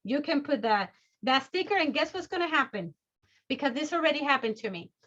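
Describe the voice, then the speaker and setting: A woman giving an energetic sales training talk over a video call, bubbly and excitable, always at high energy. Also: brisk, highs cut off.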